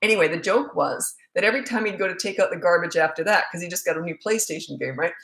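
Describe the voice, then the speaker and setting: A middle-aged woman parenting coach with a lowish, fairly bright voice speaks at a quick pace in an echoey room. She answers questions in a casual monologue, blunt and joking, drifting into rambling asides.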